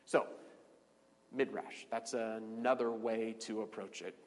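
A man giving an informal Bible teaching to a group, animated and repeating words as he restarts phrases. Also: slow, in a large hall. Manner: animated, restarts phrases, swoops high on emphasis.

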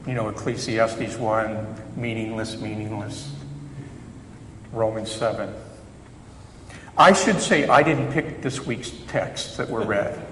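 Slow and a bit bright, a chaplain's low-leaning voice carries a sermon through a church sanctuary. He speaks thoughtfully and conversationally, poking fun at himself. The hall's reverb echoes, and faint background noise lingers.

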